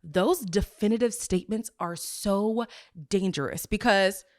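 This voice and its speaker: A woman's voice: medium pitch, measured pace. A woman hosting a podcast, recapping a reality show in a sassy, exasperated, chatty way. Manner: animated, sassy, exasperated asides. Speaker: podcast host. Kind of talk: casual recap commentary.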